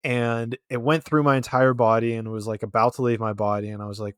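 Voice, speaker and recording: Male podcast host, mid-pitched, relaxed storyteller who swears casually, dry close mic. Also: a little fast, hardly any pauses, clear, resonant tone, no room sound. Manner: laid-back, swears casually, animated storytelling. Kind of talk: casual conversational interview.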